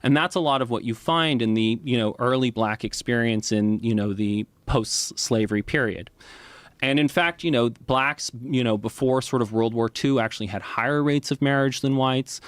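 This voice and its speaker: A man's voice: medium pitch, normal speed, clear, resonant tone, dry recording. Man lecturing on a podcast, dry studio sound. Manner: lecturing, with many "right?" and "you know" asides. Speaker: podcast guest. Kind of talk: explanatory podcast talk.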